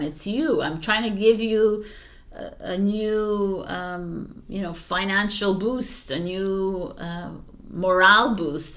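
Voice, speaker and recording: A woman's voice: medium pitch, a bit bright. A woman giving a casual spoken tarot reading, chatty and encouraging, with frequent fillers and restarts. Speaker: tarot reader.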